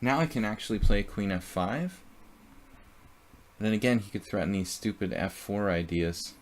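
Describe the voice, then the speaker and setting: Low-voiced man thinking aloud over chess. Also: normal speed. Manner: thinks aloud about moves and chats with viewers. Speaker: chess streamer. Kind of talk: live chess commentary.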